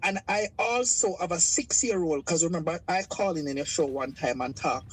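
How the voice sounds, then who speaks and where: A Jamaican woman calls in to a live show with a husky, breathy voice. She talks in an emotional, halting way, stuttering through her story over a line with faint noise behind her. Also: lowish voice, poor audio. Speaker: caller. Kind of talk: call-in testimony.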